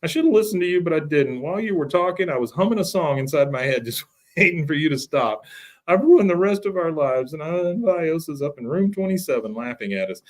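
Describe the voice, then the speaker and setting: A man's voice: on the high side, lively intonation, brisk, voice pushed up, natural voice. A man voicing a tearful, remorseful middle-aged woman in a podcast recap. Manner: pleading, remorseful.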